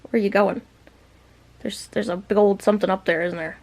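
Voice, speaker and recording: A woman's voice: mid-range voice, steady tone, a little fast, vocal fry, darkish tone. A woman vlogger chatting playfully to her pet parrot in teasing baby-talk, laughing often.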